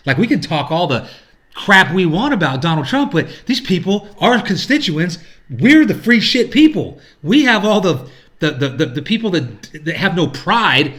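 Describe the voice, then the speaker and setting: A man's voice: high-pitched, very animated, moderate pace, fairly bright tone. A middle-aged man ranting casually to camera, rambling and profane, acting out the people he quotes. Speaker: vlogger. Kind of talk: casual rant.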